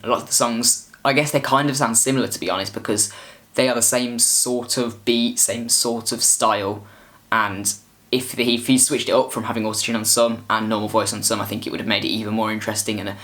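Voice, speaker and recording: A man's voice: fairly low pitch, pushed and bright. A man giving a casual album review, rambling with frequent restarts. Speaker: music reviewer.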